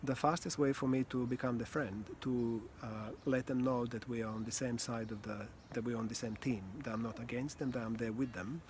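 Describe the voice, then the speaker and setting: A man teaching about communication in a casual, animated way, often easing into a soft, low near-whisper. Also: moderate pace, slight background noise. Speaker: communication coach.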